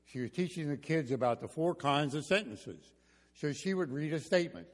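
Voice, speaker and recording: An older man preaching a sermon in a church, telling homespun stories with gentle jokes. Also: a little high, animated, moderate pace. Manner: folksy storytelling with jokes. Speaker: pastor. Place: church sanctuary. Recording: reverberant church hall.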